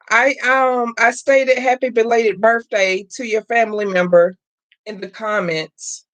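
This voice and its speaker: A woman's voice: fairly high pitch, slow pace, a bit bright. A middle-aged woman, hosting a live craft stream and chatting with viewers as she works. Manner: chatty, addresses viewers as y'all, greets chat by name. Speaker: craft channel host. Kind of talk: casual live-stream chat while crafting.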